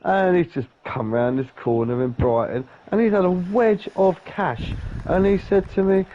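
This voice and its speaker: A man's voice: high-pitched, moderate pace. Sweary man telling a story. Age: 30s. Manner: sweary, animated, acts out voices. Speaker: podcast co-host. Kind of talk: casual storytelling. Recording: dull lo-fi sound with faint noise.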